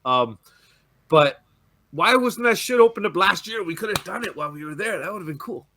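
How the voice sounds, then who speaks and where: With noise in the background, a dejected Canadian football fan rages and curses on a fan show, repeatedly stammering and restarting his words. He has a high, animated voice and speaks fairly quickly in heated fan-show chat.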